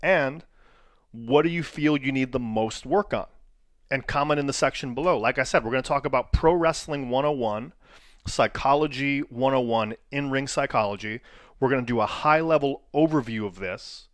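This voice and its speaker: A man of middle pitch leads an online training lesson, asking his viewers question after question. He coaches in a plain, direct way. The recording is dry and close. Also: normal speed, fairly bright tone, no echo. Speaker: wrestling coach.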